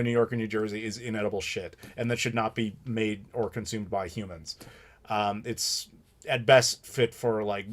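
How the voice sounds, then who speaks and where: Male host, 30s, American. Live Q&A stream, opinionated, ranty, casual swearing. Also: medium pitch. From United States. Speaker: channel host answering live questions.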